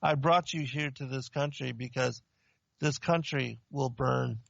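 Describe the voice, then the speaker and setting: A man's voice: medium pitch, vocal fry, fairly bright tone, dry recording, lo-fi sound, exaggerated voice. A man voicing a stern male angel of God who gives solemn, commanding warnings. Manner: solemn, slow, commanding pronouncements.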